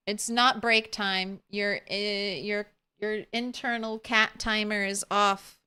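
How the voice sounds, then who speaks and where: A woman's voice: mid-range voice, level tone, slow, hardly any pauses, sharp tone, clean tone. A woman streaming a video game, chatting casually and playfully with her viewers and talking to her cat between jokes. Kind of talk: casual livestream chat while gaming.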